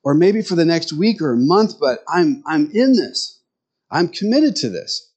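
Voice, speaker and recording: A middle-aged male pastor giving a conversational sermon, telling stories with animated quoted voices. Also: fairly high pitch, measured pace.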